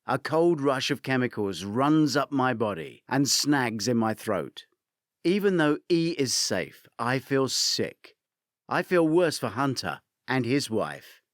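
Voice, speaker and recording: A man narrating a first-person thriller audiobook, shifting between characters in an animated reading. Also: mid-range voice, dry recording, studio quality.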